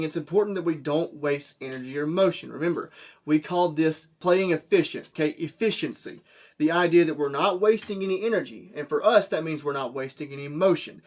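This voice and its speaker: A man teaching a drum lesson, explaining step by step and checking in with "okay?" and "right?". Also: on the high side. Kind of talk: classroom lesson. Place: room with a drum. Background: drum hits.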